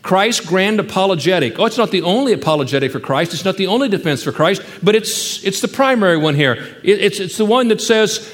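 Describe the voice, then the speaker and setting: Emphatic high-voiced male preacher. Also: expressive, fairly quick, few pauses, long reverb tail. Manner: emphatic preaching, swinging from loud rhetorical questions to hushed, quiet stretches. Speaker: pastor. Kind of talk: sermon.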